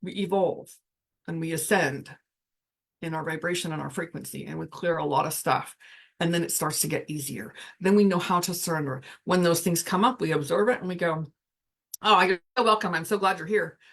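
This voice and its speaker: A woman's voice: low voice, fairly quick, gravelly. Reflective woman coaching on breath. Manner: reflective, guides breathing, trails off mid-sentence. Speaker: spiritual coach. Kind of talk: casual livestream teaching.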